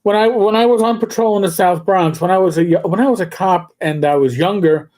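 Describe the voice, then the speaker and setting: A man's voice: high voice, fairly quick, a little mellow. A middle-aged man co-hosting a casual chat, telling stories and stumbling over repeated words. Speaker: co-host, former police officer.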